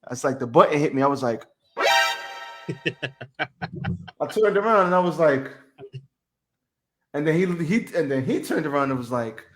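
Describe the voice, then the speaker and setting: A man's voice: fairly high pitch, animated, moderate pace, pauses often, soft background music. A man co-hosting a podcast, telling stories in a laid-back, slangy way. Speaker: podcast co-host. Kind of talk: casual chat, storytelling. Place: home studio on camera.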